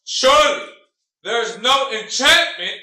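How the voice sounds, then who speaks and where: Slow high-voiced man reading scripture. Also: animated, bright, forceful tone. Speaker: scripture reader in a class. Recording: roomy sound from a distant mic.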